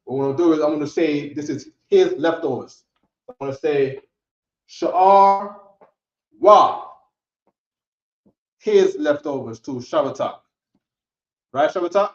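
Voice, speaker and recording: A man teaching a language class in a relaxed, coaxing way, drilling words out loud and checking in with the students. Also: a little high, normal speed. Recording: echoey room, dull lo-fi sound.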